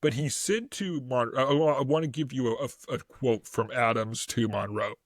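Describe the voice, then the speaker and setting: A man's voice: medium pitch, normal speed, dry recording, clean studio sound. A man co-hosting a casual history podcast, rambling through his notes, stumbling over words and laughing often. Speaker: podcast co-host.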